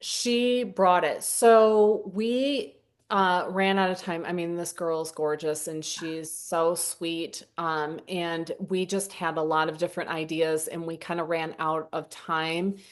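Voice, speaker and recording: A woman photographer from southern Indiana, a guest telling stories about her shoots in a casual interview and acting out her own quotes in a higher voice. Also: steady tone, slow. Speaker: senior portrait photographer, guest.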